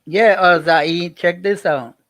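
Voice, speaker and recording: Ny dude streaming, kinda high voice, dry sound, rambles and repeats stuff to chat. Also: male voice, steady tone, slow pace, fairly bright tone, no echo. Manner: rambling, repeats himself, talks straight to viewers. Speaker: livestreamer. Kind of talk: casual livestream chat.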